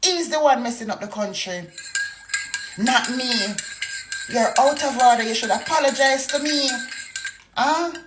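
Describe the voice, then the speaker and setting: A woman's voice: high voice, a little slow, pauses often, noisy background. A woman from Jamaica with a Jamaican accent, delivering a fiery political rant full of rhetorical questions. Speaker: political commentator.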